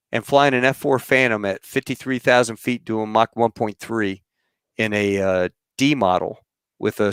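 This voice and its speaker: A middle-aged man hosting a podcast, telling rambling, animated stories about flying and acting out what others said. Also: fairly low pitch, creaky, clear, resonant tone, no room sound, studio quality. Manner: rambling, animated storyteller who acts out quotes. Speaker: podcast host. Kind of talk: casual storytelling chat.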